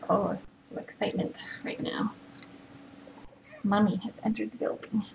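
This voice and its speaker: A woman hosting a kitten rescue live stream, talking in cooing baby talk that often drops to a hushed whisper. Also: mid-range voice, flat delivery, unhurried, recorded from a distance, lo-fi sound. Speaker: kitten rescue livestream host. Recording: echoey room with clear background noise.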